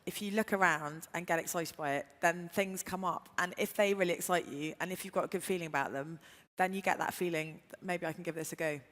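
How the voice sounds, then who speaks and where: A woman with a slightly low voice speaks on a conference panel, enthusiastic and rambling with many fillers. The sound carries the long reverb of a large hall. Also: fairly even intonation, a little fast, fairly bright tone. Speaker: panelist, entrepreneur. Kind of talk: conversational panel talk.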